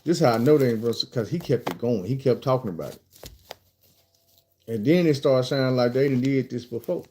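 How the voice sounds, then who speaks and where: A middle-aged man telling a story in a blunt, profane, animated way. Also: mid-range voice, brisk, slight background noise. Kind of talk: casual storytime.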